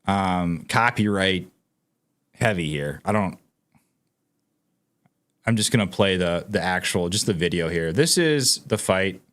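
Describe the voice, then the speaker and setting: A man's voice: low-pitched, animated, a little slow, long pauses, fairly bright tone. Emphatic man doing casual commentary. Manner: emphatic, incredulous, addresses viewers as guys. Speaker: political commentary channel host. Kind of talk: casual on-camera commentary, reading news aloud.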